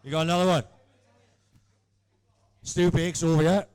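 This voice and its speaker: A man with a fairly high voice chats excitably as a co-host on a live podcast. His banter is loose, and he swears freely as he talks. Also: moderate pace, clear, resonant tone.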